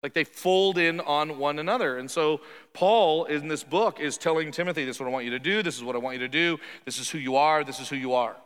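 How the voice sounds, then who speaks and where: A man preaching a conversational sermon as pastor, animated and quick to act out quoted voices. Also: on the high side, clean tone, long reverb tail. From Canada.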